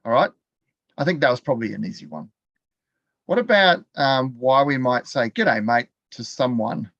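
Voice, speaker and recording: A man's voice: mid-range voice, lively intonation, normal speed, fairly bright tone, dry recording, dull audio. An Australian man teaching a live online class from his computer. He talks in a chatty way, laughs often and quizzes the viewers in the chat. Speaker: continuing education teacher.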